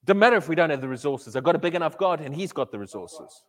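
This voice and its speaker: A man preaching a sermon in an animated way, often repeating his words and acting out quotes. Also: a little high, fast talker. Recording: echoey hall reverb.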